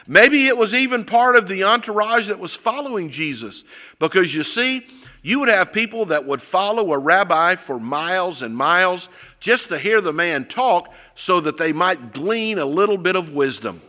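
A man delivering a sermon with a bright, lively, fairly high voice that climbs and falls as he tells the story. He acts out voices and breaks into shouts. His voice rings through a hall with a long reverb. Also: moderate pace. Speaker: preacher.

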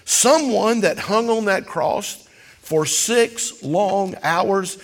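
A man preaching a sermon as pastor, building to loud, impassioned cries. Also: high voice, animated, takes it slowly, in a large hall.

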